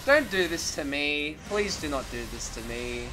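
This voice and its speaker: A man reacting to his gacha pulls with loud, profane excitement and begging. His voice is bright and cutting, and his pitch swoops all over the place. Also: normal speed. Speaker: gaming content creator.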